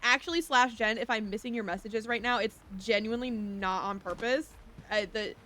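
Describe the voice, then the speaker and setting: Her voice is fairly high with a sharp tone, moving at normal speed. A young woman is streaming a shop game with game music behind her, chatting and giggling, reading chat aloud and lapsing into a playful whiny voice.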